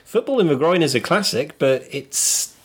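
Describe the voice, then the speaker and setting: A man's voice: a little high, expressive, normal speed, breathy edge. A man co-hosting a podcast, chatting casually and laughing easily as he tells stories. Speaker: podcast co-host. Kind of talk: casual chat.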